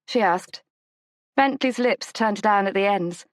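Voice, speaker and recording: A woman narrating a romance audiobook in a measured, gentle storytelling manner. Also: no echo. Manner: measured, gentle storytelling, lifts pitch for the heroine's lines. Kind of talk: scripted narration of a romance novel.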